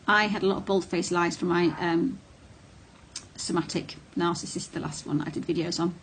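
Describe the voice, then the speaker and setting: A woman's voice: lowish voice, steady tone, moderate pace, a little hiss or hum. A middle-aged woman talking casually to camera, blunt and candid, with frequent ums and restarts. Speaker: vlogger on narcissistic abuse.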